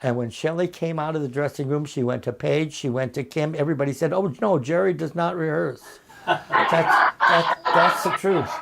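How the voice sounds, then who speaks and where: A man in his eighties, a veteran actor being interviewed over a video call from his home, telling stories in an unhurried way and acting out the voices of the people in them. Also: a little high, bright, forceful tone, a little hiss or hum. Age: 80s. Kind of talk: anecdotal storytelling.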